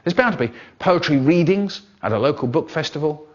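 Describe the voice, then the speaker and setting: An older man, a poet and storyteller who performs poems and talks in a playful, highly expressive way, drawing out his words. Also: fairly quick, lo-fi sound. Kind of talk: expressive poetry performance and talk.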